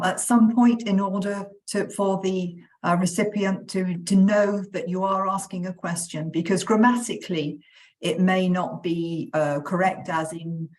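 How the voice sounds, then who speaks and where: A woman's voice: medium pitch, darkish tone. Hesitant woman heard from a distance. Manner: hesitant, full of fillers. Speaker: panelist. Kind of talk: online panel discussion.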